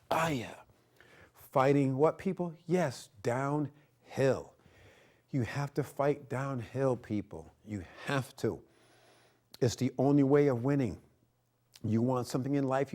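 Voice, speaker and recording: A middle-aged man hosting a TV show as a karate instructor, energetic and preachy, repeating his points and shouting martial arts cries. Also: medium pitch. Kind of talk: martial arts lesson with motivational talk. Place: TV studio.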